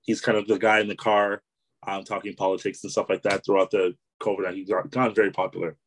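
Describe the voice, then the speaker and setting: A man's voice: fairly low pitch, level tone, quick pace, slight background noise, rough recording. A man being interviewed as an author and entrepreneur, talking casually in a loose, rambling way full of "you know" and easy laughter. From Canada. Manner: easygoing, rambling, many "you know" fillers, laughs easily.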